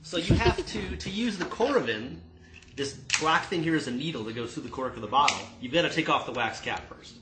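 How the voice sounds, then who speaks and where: A man's voice: on the high side, lively intonation, brisk, roomy sound, heavy background noise. A man who manages a tasting room, chatting casually and telling joking stories on a livestream. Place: home room. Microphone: video stream mic.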